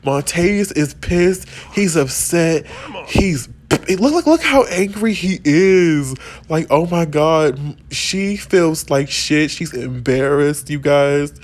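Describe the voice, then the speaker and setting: A man hosting a casual let's-play video, telling the game's drama in an excitable, gossipy way. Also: fairly high pitch, slow, slight background noise. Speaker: gaming video host.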